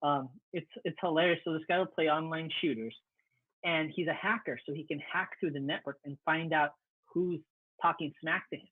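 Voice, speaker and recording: A man co-hosting a casual podcast, telling animated gaming stories with quick stammered restarts. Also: a little high, no room sound. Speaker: podcast co-host. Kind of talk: casual chat. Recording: phone-like line.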